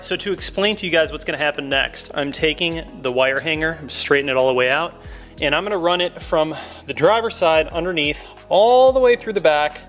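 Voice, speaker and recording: A man's voice: a little high, fairly bright tone. A man with a laid-back, chatty, enthusiastic manner, talking through a casual how-to car tutorial from inside a car. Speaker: car modification YouTuber. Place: inside a car while working on trim.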